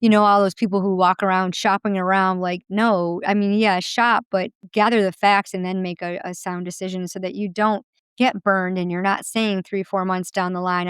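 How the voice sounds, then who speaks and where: A woman hosting a podcast conversation, talking in an animated, emphatic way with quick asides. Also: medium pitch, clean tone, no echo. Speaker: podcast host.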